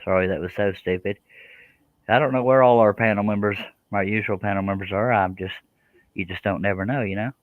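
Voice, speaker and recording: A man's voice: lowish voice, steady tone, brisk, no room sound, narrow, tinny audio. A man hosting a live stream, chatting casually in a joking, rambling, self-deprecating way. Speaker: live stream host, scroll saw artist.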